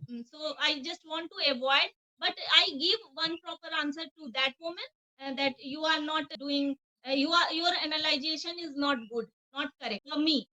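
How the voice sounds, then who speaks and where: A woman with a Bengali accent practising spoken English, hesitant, pausing with many fillers as she searches for words. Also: high-pitched, bright, forceful tone, rough recording. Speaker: English learner. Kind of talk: practice conversation.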